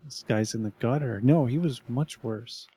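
A man's voice: mid-range voice, normal speed, dark tone, a little hiss or hum. A man telling a story in casual podcast chat, rambling and restarting often with lots of fillers.

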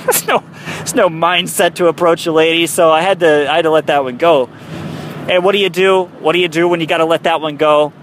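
A man's voice: fairly high pitch, steady tone, a little fast, a bit bright, slight background noise. A young man doing a rambling, profane comic monologue from his car, mocking himself as he goes. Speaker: comedian. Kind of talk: comic monologue recorded while driving. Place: in a car on a highway.

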